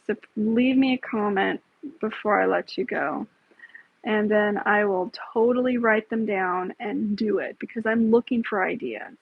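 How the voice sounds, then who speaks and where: A woman's voice: mid-range voice, a little slow, creaky, husky, dry recording. A woman hosting a casual live stream, talking bluntly, with frequent swearing and rambling asides. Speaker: livestream host. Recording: tinny phone-like, dry sound.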